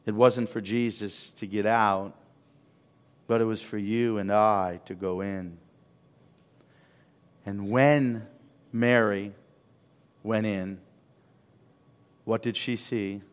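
A man preaching a sermon as pastor, swinging from loud calls to hushed asides. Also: on the low side, fairly even intonation, slow pace, pauses often, smooth. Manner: preaching with sweeping rises and drops in volume. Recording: long reverb of a large hall.

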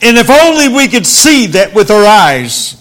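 A man preaching in a church, reading scripture aloud slowly and then speaking earnestly to the congregation. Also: high voice, sing-song, fairly bright tone. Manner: slow, deliberate King James reading, then earnest preaching.

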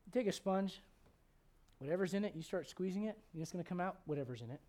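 High-voiced, joking middle-aged preacher. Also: male voice, lively intonation, fast, a little mellow. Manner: humorous, many rhetorical questions. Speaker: pastor. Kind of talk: sermon.

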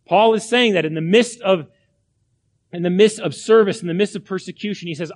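A man's voice: high voice, a little slow, pauses often. A man preaching a sermon from the pulpit, emphatic, with repeated phrases and rhetorical questions. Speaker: pastor.

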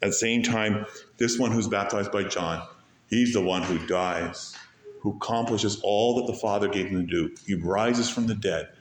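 A pastor delivers a sermon, his voice swinging between loud, rising peaks and soft, low stretches, slowing right down to draw out key phrases. The sound is roomy, with slight background noise.

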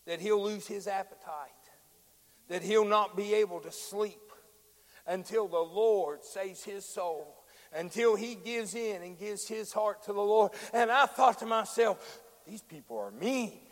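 A man preaches in a high, ringing voice. His sermon moves from quiet storytelling into loud, drawn-out shouting. The sound rings in a church hall with a long echo. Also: steady tone.

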